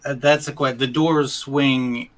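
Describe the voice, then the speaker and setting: A man's voice: medium pitch, steady tone, slow. A man playing a tabletop game, hesitant and thinking aloud as he declares his moves. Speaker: player.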